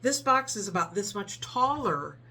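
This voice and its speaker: A woman telling a story casually in a vlog, animated and acting out the people in it. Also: medium pitch, moderate pace, husky. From Ohio, USA.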